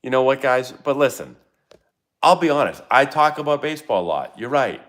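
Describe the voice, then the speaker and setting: A man's voice: medium pitch, sing-song, a little fast, fairly bright tone. A middle-aged man, a former ballplayer, hosting a casual live-stream Q&A and telling rambling, self-interrupting stories. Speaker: channel host, former pro baseball player.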